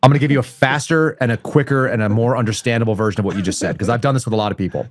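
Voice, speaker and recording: A middle-aged man holding forth bluntly, swearing freely and riffing on his point as a guest in a casual chat. His voice sits at an ordinary middle pitch. The room sound is dry and close. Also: racing, no room sound.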